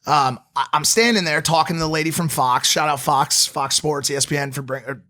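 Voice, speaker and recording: A young man in his twenties co-hosting a podcast, telling a story in an animated, swearing way. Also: a little high, a little fast. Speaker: podcast co-host. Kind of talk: casual storytelling chat.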